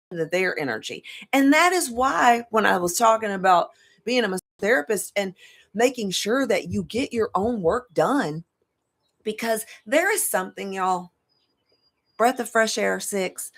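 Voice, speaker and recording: A woman's voice: fairly high pitch, fairly bright tone. A middle-aged woman talking casually to camera as a tarot reader, rambling, laughing often and swearing freely. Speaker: tarot reader and life coach.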